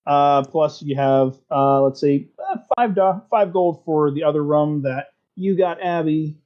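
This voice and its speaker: A man narrating a tabletop game as game master, easygoing and filling pauses with "uh". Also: on the high side. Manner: easygoing, many fillers. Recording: dull lo-fi sound.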